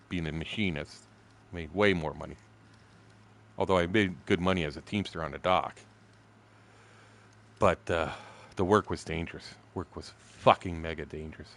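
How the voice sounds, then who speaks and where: A man in his sixties telling profane stories casually while streaming a fishing game, acting out shouted quotes. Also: deep voice, normal speed, long pauses. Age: 60s. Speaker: gaming streamer. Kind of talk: casual storytelling while gaming.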